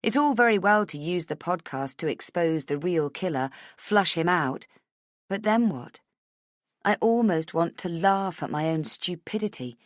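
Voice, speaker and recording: A woman's voice: fairly low pitch, lively intonation, measured pace, no room sound, studio quality. A woman narrating a first-person thriller audiobook in an intimate, inward way.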